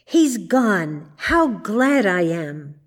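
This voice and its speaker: A woman's voice: medium pitch, big pitch swings, extremely slow, dark tone, heavily acted. A woman voicing a frightened, tearful young girl in a storybook, speaking in a raised, pleading voice. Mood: delighted.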